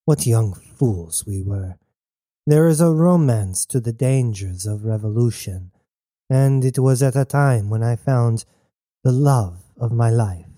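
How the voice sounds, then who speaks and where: A man's voice: mid-range voice, slow pace, dry recording, clean studio sound, close to an everyday voice. A man voicing a cold, intense mother. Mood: calm, intense. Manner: calm, formal speech without contractions.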